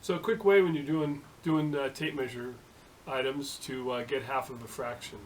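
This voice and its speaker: A middle-aged man and home shop machinist telling a story in a casual vlog, halting, with many fillers and restarts. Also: mid-range voice, steady tone, slight background noise, poor audio.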